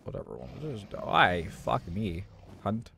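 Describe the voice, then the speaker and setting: A man's voice: on the low side, very animated, moderate pace, vocal fry, sharp tone, a little hiss or hum. A man giving profane, exasperated gameplay commentary and taunting game enemies aloud. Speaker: gaming YouTuber.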